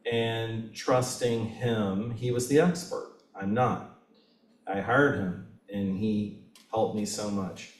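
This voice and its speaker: Earnest man, low voice, echoey room. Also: recorded from a distance. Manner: earnest, reflective, many pauses and fillers. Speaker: author at a book reading. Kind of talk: Q&A answers at a reading. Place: bookstore event space.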